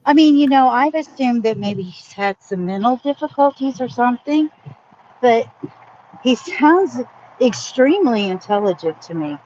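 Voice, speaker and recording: A woman's voice: on the high side, lively intonation, moderate pace, darkish tone. A woman chatting about a news case, opinionated and indignant. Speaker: co-host. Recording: dull lo-fi sound with faint noise.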